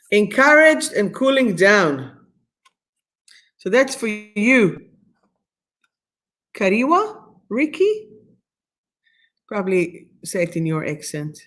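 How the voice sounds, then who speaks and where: A middle-aged woman from Israel, guest-hosting a live stream where she leads a meditation and reads oracle cards in a soothing, affirming way with slightly phrasing. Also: medium pitch. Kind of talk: live-streamed guided meditation and card reading.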